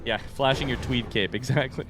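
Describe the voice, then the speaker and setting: A man streaming a video game live, giving excitable, jokey commentary with plenty of swearing. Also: mid-range voice, fairly quick, over music.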